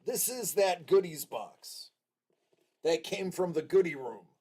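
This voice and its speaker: A man hosting a casual livestream, chatting with viewers in an unhurried way, with frequent restarts and fillers. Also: high voice, lively intonation, dark tone, breathy edge. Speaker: livestream host.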